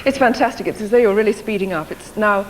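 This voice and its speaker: A woman's voice: mid-range voice, fast, reverberant. A woman co-presenting a telethon, reading totals and making amused, mock-theatrical asides. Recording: noisy studio with loud crowd.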